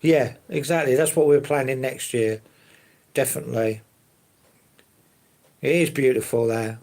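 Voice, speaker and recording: A man hosts a relaxed live stream and answers viewers as they come in. His voice sits at a middling pitch with a gravelly edge, and he rambles along easily, leaning often on fillers. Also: a little slow. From London. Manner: easygoing, rambling, fillers and hedges like to be honest.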